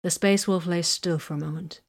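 A woman reading a story aloud in a steady, measured narration. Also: lowish voice. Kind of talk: audiobook reading of fan fiction.

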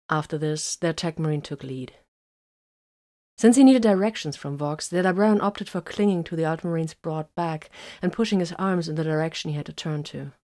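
A woman reading a science fiction story aloud in an even, measured narration. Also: deep voice. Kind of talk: scripted narration of sci-fi fiction.

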